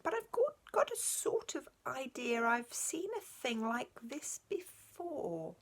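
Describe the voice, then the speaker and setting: A woman voicing a gentle male talking horse who speaks slowly and hesitantly, as if half remembering a dream. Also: sits high, very animated, husky, pitched above the performer's own voice, exaggerated voice. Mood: musing. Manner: slow, thoughtful, hesitant.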